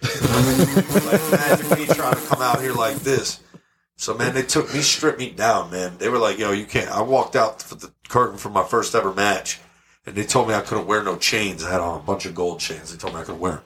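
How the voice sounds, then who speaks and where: A man's voice: lowish voice, moderate pace, slight background noise. A man guest on a podcast, telling brash, profane stories in casual chat. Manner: brash, profane, animated storyteller. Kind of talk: casual storytelling.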